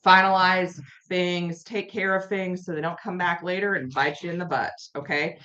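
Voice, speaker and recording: A woman's voice: on the low side, steady tone, moderate pace, pushed and bright. A woman hosting a casual live-stream tarot reading from home, chatty and rambling, repeating herself and talking to viewers in chat. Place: her home. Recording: dull lo-fi audio.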